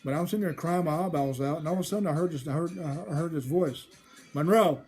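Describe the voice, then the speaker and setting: Guy telling an old childhood story, kinda high voice, keeps restarting his sentences, faint music behind. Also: fast talker, mellow. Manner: rambling, repeats and restarts phrases. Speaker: storyteller host. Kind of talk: personal storytelling.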